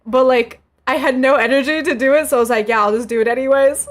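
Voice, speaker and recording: Laughing streamer woman with a high voice. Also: quick pace, slight background noise. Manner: laughing, reminiscing, slangy. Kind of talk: casual chat reacting to old clips.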